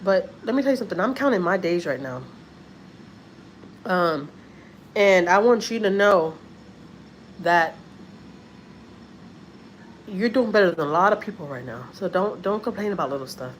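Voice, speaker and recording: A frail little old lady speaks slowly and softly, gently insisting on her point, as a woman retells her words. The voice sits fairly low. Faint ambient noise hangs underneath. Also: expressive, lightly acted. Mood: urging.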